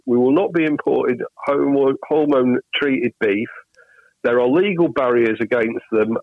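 A man's voice: mid-range voice, no room sound, phone-quality sound. British man, rambling political chat. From Britain. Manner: rambling storyteller, many restarts. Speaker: podcast co-host.

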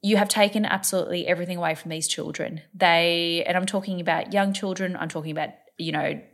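A woman's voice: on the low side, steady tone, quick pace. An Australian woman in her thirties, chatting on a podcast, emphatic and stacking points into repeated lists. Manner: emphatic, builds repetitive lists. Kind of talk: casual podcast chat.

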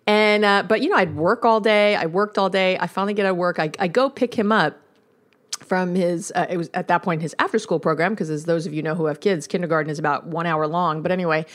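A woman hosting a podcast as a couples therapist, telling a story about her young son in a chatty way, laughing at herself and swinging her voice up when she relives moments. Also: lowish voice. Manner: chatty storytelling with frequent laughs and self-mockery. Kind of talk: casual podcast monologue.

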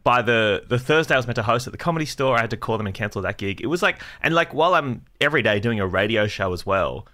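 A man's voice: medium pitch, lively intonation, fast talker, few pauses, bright, forceful tone. A man co-hosting a podcast, telling rambling comic stories full of swearing. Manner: swears a lot, rambling storytelling. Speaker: podcast co-host, comedian. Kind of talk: casual comedic chat.

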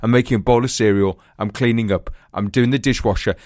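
A man, co-hosting a podcast, telling a funny story in an animated way and laughing often. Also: medium pitch, fast talker, no echo, clean studio sound. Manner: animated, laughing through stories, acts out voices. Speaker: podcast co-host. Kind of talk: casual storytelling chat.

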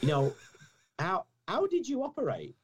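A man's voice: high voice, wildly swooping pitch, unhurried, breathy edge. A young man co-hosting a casual podcast, joking and teasing with rambling questions. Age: young adult. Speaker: podcast co-host.

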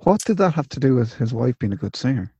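A man's voice: mid-range voice, big pitch swings, fast, warm tone, husky, no room sound, lo-fi sound. A man co-hosting a casual podcast chat, making dry, teasing interjections. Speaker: podcast co-host.

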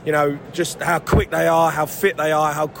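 A man's voice: a little high, flat delivery, moderate pace, vocal fry. An English man, a former footballer, being interviewed on the street, overwhelmed and repeating himself, calling the interviewer mate. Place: outdoors in a city street after a match. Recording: street crowd noise behind.

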